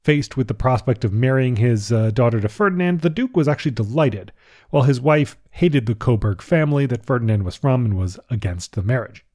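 A man's voice: mid-range voice, a little fast, darkish tone. A man hosting a history podcast, narrating in a casual way with chuckling asides. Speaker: podcast host.

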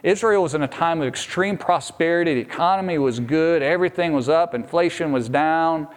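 A man's voice: a little high, brisk. A man preaching a sermon as a pastor, earnest and direct, often repeating a word as he restarts a phrase.

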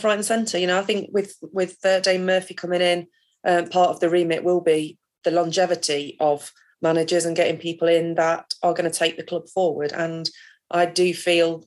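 A woman giving her opinion on a casual podcast, measured and hesitant with fillers. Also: on the low side, a little mellow. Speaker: podcast co-host.

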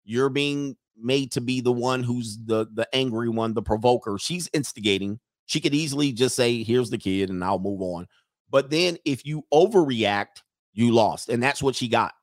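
A man's voice: medium pitch, normal speed, no room sound. Guy doing reaction commentary, sarcastic and emphatic, dry close mic. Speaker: commentary host. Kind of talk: reaction commentary on a video clip.

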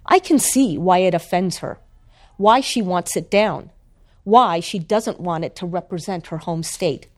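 A woman's voice: on the low side, unhurried, close to an everyday voice. Woman reading an earnest man speaking from the heart.

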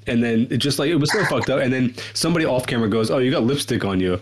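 A man co-hosting a casual political podcast, telling a story in a profane, animated way. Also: mid-range voice, racing, hardly any pauses. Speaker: podcast co-host.

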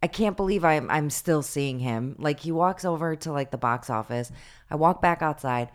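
A woman co-hosting a podcast, telling a story in an animated, casual way full of fillers. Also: low voice, moderate pace. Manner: chatty, animated retelling with lots of fillers. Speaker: podcast co-host.

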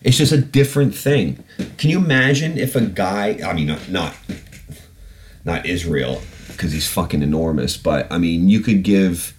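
A man's voice: low voice, moderate pace, slight background noise. A man hosting a podcast, ranting bluntly and swearing often, with plenty of ums and restarts. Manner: blunt, sweary, animated ranting with frequent fillers. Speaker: podcast host. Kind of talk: casual solo podcast rant.

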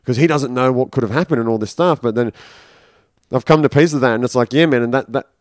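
A man tells a personal story in a loose, conversational way, swearing freely and slipping into quoted inner voices. His voice sits at an ordinary middle pitch. The sound is dry and close, with no room behind it. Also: fast talker, dry recording. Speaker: podcast guest. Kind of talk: casual storytelling.

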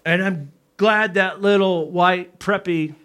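A middle-aged pastor telling a story in a sermon, acting out the people in it with animated delivery. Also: male voice, high-pitched, slow pace, clear, resonant tone, some chatter behind. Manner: animated, acts out dialogue in his story.

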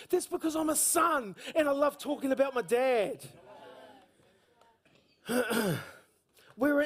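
A man with a New Zealand accent delivers a sermon in a very high voice, telling stories energetically and punctuating them with bursts of shouting.

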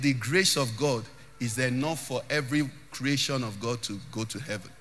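A man's voice: mid-range voice, sharp tone. A man preaching a sermon as pastor, emphatic, often lifting phrases into a sung tone and repeating words as he builds. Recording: long hall reverb.

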